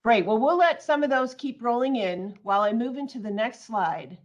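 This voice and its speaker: A woman's voice: a little high, lively intonation, moderate pace, lo-fi sound. A woman presenting an online training webinar, reading out audience answers and then explaining her points earnestly, on a computer mic.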